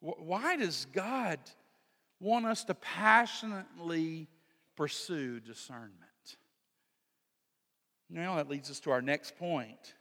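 Animated preaching man in a reverberant hall. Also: a little high. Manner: animated preaching, shouts acted quotes. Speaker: pastor. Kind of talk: sermon.

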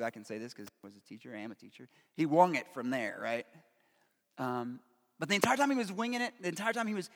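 A man's voice: sits high, fairly bright tone. A man from Pittsburgh preaching a sermon, telling a personal story earnestly and emotionally, with many fillers. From Pittsburgh, USA. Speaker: pastor. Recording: long reverb of a large hall.

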